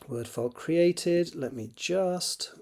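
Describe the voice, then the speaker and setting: Man, author, self-correcting, warm mellow voice, reading a draft aloud. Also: on the high side, takes it slowly, creaky.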